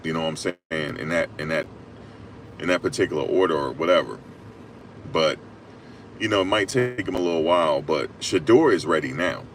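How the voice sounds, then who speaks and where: A man giving casual, emphatic sports talk on a live stream, repeating his points and rising to loud peaks. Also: very deep voice, normal speed, slight background noise. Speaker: sports commentator.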